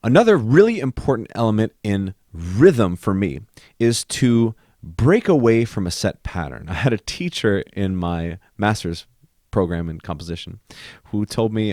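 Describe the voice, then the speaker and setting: A man's voice: on the low side, very animated, normal speed, a little mellow, no room sound, clean studio sound. A man, a composer, teaching music composition. He speaks lyrics aloud to find their rhythm and counts beats over piano chords. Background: faint piano.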